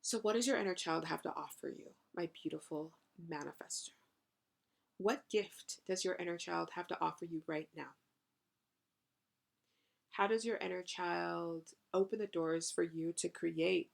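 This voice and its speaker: Her voice sits fairly low, with vocal fry and a moderate pace. As host of a channeled spiritual podcast and a spiritual coach, she talks effusively, swearing casually and leaning on "you know" and "right?" a lot.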